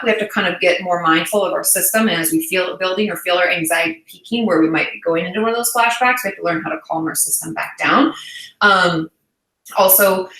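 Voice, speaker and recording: Woman in her thirties, therapist hosting a chatty livestream; bright voice, roomy echo, loose and reassuring. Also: fairly low pitch. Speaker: therapist and channel host. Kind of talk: casual livestream chat answering viewer questions.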